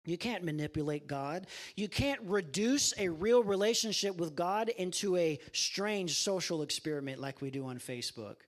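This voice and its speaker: Impassioned high-voiced male preacher. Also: moderate pace, few pauses. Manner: impassioned, addresses listeners as guys. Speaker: preacher at a campus ministry. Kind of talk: sermon.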